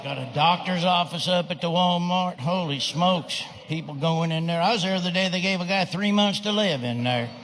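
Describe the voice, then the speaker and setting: A man doing stand-up in a dry, mocking way, his voice a little high. Loud noise sits under the recording. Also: normal speed, hardly any pauses. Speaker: stand-up comedian. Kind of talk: stand-up comedy.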